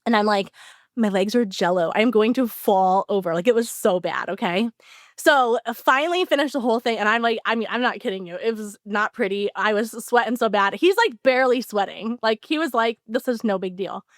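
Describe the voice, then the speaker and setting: A woman co-hosting a podcast, telling an animated story in casual chat with lots of "like" fillers. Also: mid-range voice, a little fast, dry recording, clean studio sound. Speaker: podcast co-host.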